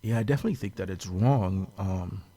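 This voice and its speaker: A man talking as a podcast guest, thoughtful and measured, often pausing on fillers. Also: low voice, mellow. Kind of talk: casual podcast discussion.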